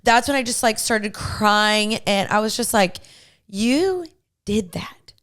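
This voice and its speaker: A woman's voice: mid-range voice, steady tone, normal speed, a bit bright, smooth. A young woman in her twenties, hosting a podcast and gushing with emotion as she tells a personal story in casual chat. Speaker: podcast host.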